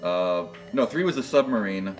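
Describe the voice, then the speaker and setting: A young man co-hosting a charity stream, rambling and joking with lots of fillers. His pitch swings widely. He sits back from the mic with music playing softly behind. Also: animated, moderate pace, recorded from a distance. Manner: rambling and jokey, full of fillers. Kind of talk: casual livestream banter.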